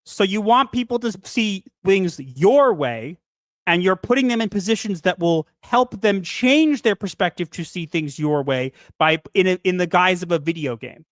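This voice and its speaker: A woman's voice: fairly low pitch, lively intonation, moderate pace, no room sound, studio quality. A woman co-hosting a commentary show, arguing her point in a sarcastic, argumentative way. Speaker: co-host.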